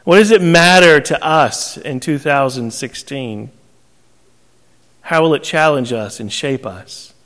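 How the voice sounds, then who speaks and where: A man's voice: medium pitch, slow, a bit bright, in a large hall. A man from southern North Carolina with a Southern US accent, preaching a sermon with folksy jokes and frequent laughter. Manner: folksy, joking, laughs often. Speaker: pastor.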